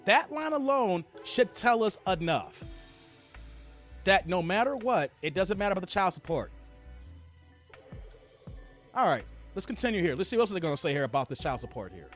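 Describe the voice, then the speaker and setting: A man's voice: high voice, big pitch swings, normal speed, pauses often, a bit bright, soft background music. A man hosting a livestream, reacting to clips with heated, swearing commentary and reading out viewer comments.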